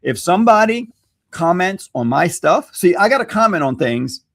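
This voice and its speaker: A man from Louisiana, a social media expert guest, explaining strategy in an animated, self-deprecating way and laughing readily. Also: high-pitched, normal speed, vocal fry, no room sound, clean studio sound. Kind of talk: conversational teaching.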